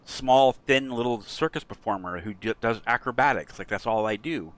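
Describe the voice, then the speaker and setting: A man's voice: mid-range voice, normal speed, a bit bright, natural voice. A man voicing a timid young male circus clown who pleads and stammers when flustered.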